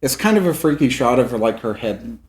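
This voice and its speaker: A man's voice: medium pitch, a little fast. Young man recapping a film casually. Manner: relaxed, recaps scenes with quoted lines. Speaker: podcast co-host.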